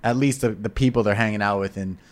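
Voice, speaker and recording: A man's voice: on the low side, quick pace. A man in his thirties co-hosting a podcast, chatting sarcastically and with a lot of profanity, acting out mocking voices. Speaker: podcast co-host. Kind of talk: casual comedic chat.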